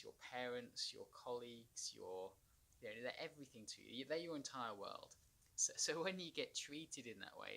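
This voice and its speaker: Man, ex-marine vlogger, gravelly and bright, rambling storytelling with sighs. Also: mid-range voice. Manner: rambling, halting, with nervous laughs and sighs. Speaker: former marine turned anxiety consultant. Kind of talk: personal storytelling to camera.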